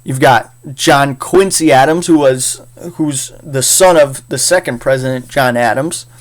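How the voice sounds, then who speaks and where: A man's voice: mid-range voice, a little slow. A man teaching a casual history lecture in a chatty, jokey way with frequent fillers. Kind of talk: casual recorded class lecture.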